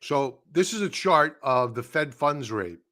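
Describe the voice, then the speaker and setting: A man hosting a live market show from a desk mic. He talks casually and bluntly, with a middle-pitched voice. He scoffs at headlines and repeats himself for emphasis. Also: lively intonation, unhurried, pushed and bright. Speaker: livestream stock trading host.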